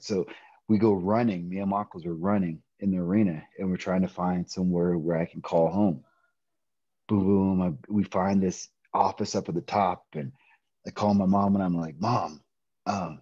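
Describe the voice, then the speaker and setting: A middle-aged man telling a personal story in a podcast interview, animated, often laughing and acting out quoted voices. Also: sits low, normal speed, husky, dry recording, dull audio. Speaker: interview guest, pro wrestler.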